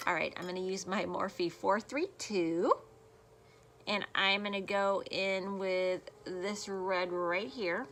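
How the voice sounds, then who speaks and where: This woman has a mid-range, slightly bright voice that stays steady and slow. She's a beauty vlogger talking her way loosely through a makeup tutorial, wandering off topic and self-deprecating, recorded on her phone's camera in a room at home.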